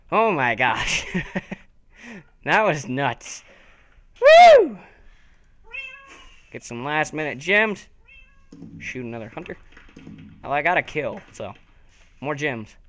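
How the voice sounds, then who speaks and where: A young man giving excited, taunting commentary over his own gameplay, talking to himself as he plays. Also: medium pitch, slight background noise. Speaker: gaming video host.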